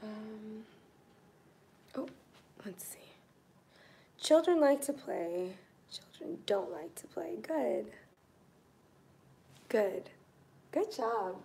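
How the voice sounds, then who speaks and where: A woman teaching a live online English grammar class, patient and encouraging, pausing to think while she writes examples. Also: on the high side, sing-song, creaky, dark tone, a little hiss or hum.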